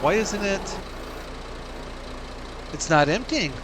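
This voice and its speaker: A man's voice: high voice, lively intonation, slow. Chatty man over game engine noise. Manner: chatty, laughs to himself, muses aloud. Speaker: let's play host. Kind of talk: casual gameplay commentary. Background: tractor and engine sounds from the game.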